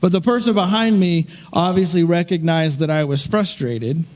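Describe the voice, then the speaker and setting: A man's voice: high-pitched, normal speed, darkish tone. A middle-aged man, a pastor, telling a story in his sermon in a conversational, self-deprecating way.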